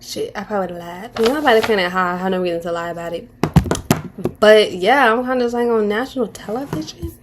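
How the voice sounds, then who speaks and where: A woman's voice: mid-range voice, fast, noisy background. A woman in her twenties giving casual commentary on a reality show, candid and slangy, rambling with restarts and mocking impressions. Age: 20s.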